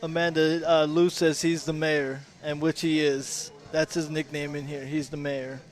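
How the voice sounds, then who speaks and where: A man's voice: on the high side, little pitch movement, moderate pace, faint music behind. Chatty man commentating pool. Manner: laughs often, chatty, trails off with fillers. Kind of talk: casual play-by-play banter. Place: pool hall.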